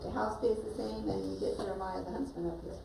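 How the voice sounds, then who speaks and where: A woman's voice: medium pitch, fairly even intonation, fast talker, gravelly. A woman teacher narrating a story while directing children acting it out in a classroom. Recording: echoey room from far off, with noise.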